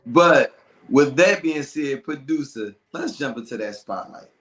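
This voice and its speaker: A man hosting a casual podcast chat, animated and loose with slang, often laughing. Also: medium pitch, a little slow, roomy sound, low-quality recording. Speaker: podcast host.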